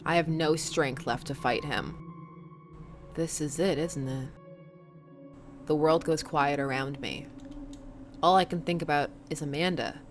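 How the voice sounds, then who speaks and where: A woman's voice: deep voice, unhurried, pauses often, soft background music. A woman hosting a let's play, reading the game aloud with wry, jokey asides.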